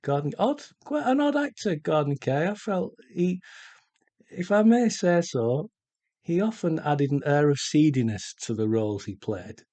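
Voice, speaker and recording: A middle-aged man chatting casually while he paints, slow and rambling with many pauses. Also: a little high, lively intonation, dark tone, no echo. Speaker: art vlogger.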